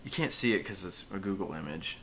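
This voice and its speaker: Bright-voiced young man, slangy podcast banter. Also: low-pitched, expressive, fast, slight background noise. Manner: laid-back, teasing, slangy. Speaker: podcast co-host. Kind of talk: casual chat.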